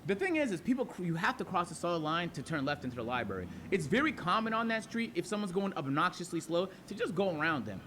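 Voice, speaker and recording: A young streamer recounts a story to his chat, cursing freely and dropping to a hush whenever he acts out his own polite replies. His voice sits high and swings widely in pitch. A faint hiss lies under it. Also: fast talker, hardly any pauses. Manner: animated, profane, talks to chat, acts out his side quietly.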